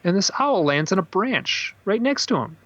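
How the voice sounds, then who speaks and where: The recording is muffled, with no room sound, as a man talks at normal speed in a podcast interview about being an author. He is an animated storyteller who goes on at length, acting out quotes in high-pitched bursts.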